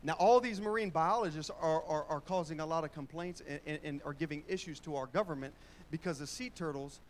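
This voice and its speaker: In a church sermon, a man alternates relaxed storytelling with congregational call-and-response, speaking conversationally with Southern-style colloquialisms. His voice is on the high side and a little fast, with slight hiss or hum.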